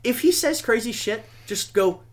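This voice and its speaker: A man hosting a podcast, talking casually in a rambling, profane and animated way. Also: extremely high pitch, normal speed. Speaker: podcast host. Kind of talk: casual chat.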